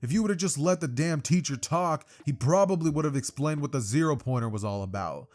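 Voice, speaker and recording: A man voicing a hot-tempered young male rival who yells and curses, in a fan story narration. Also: on the high side, lively intonation, fairly quick, close to an everyday voice. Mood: furious. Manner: angry yelling, cursing.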